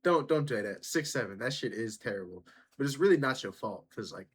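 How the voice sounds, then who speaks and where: A man's voice: mid-range voice, animated, fairly quick, husky. A man hosting a reaction video, talking casually in blunt, profane slang.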